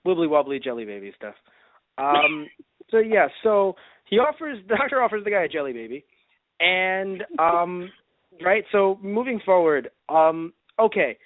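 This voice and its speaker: A man's voice: high voice, very animated, unhurried, dry recording. A man co-hosting a casual fan review podcast, talking animatedly, acting out reactions and laughing often. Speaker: podcast co-host. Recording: dry, phone-like lo-fi sound.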